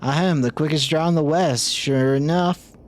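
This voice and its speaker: A man voicing an excitable, folksy old cowboy in a game, whooping and bragging in a drawl. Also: fairly high pitch, normal speed, lightly acted. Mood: boastful.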